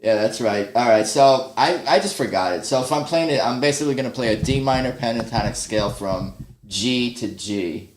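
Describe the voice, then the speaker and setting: A man hosting a casual livestream while practicing guitar, rambling, thinking out loud and putting himself down. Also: mid-range voice, a little fast, reverberant. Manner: rambling, thinks aloud, self-deprecating. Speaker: livestream host. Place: home practice room. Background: guitar playing.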